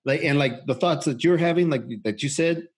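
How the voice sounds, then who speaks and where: A man spins a long story for his podcast, in a husky, slightly high voice. He rambles, swears freely, and stumbles through restarts and fillers like "you know" and "right?". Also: a little fast. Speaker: podcast co-host. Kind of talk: casual storytelling.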